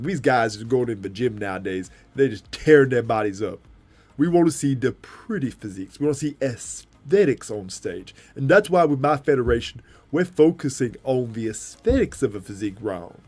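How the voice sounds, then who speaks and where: An old-school bodybuilding champion holds forth in a slow, drawn-out, raised voice, as a man puts on the impression. He preaches easily and keeps turning to an imagined friend for agreement. Faint music plays underneath. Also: mid-range voice, darkish tone, breathy edge. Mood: preachy.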